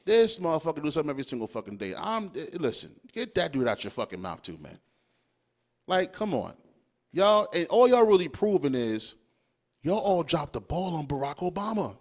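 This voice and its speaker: A young man with a high, lively voice holds forth in a loose, swearing podcast monologue. His pitch jumps all over as he fires off rhetorical questions and riffs on whatever comes to mind. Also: a little fast. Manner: animated, swearing freely, riffing with rhetorical questions. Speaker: podcast host. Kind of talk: profane casual monologue.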